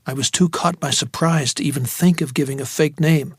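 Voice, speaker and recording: Wry, slightly high male narrator. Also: a little fast, few pauses, slightly rough, no echo, studio quality. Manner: wry, reflective. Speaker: audiobook narrator. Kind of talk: first-person novel narration.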